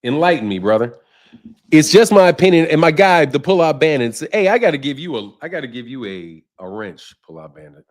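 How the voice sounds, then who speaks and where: A man's voice: fairly high pitch, big pitch swings, fairly quick, few pauses. Chatty man hosting a boxing livestream. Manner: conversational, repeats himself, addresses chat by name. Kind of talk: casual livestream commentary reading chat.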